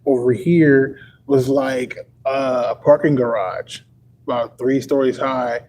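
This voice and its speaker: A man's voice: medium pitch, expressive, takes it slowly, vocal fry, a little mellow, rough recording. A young man from Texas chatting on a livestream. He rambles and stacks up "like" fillers. He chuckles often as he talks. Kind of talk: casual livestream chat.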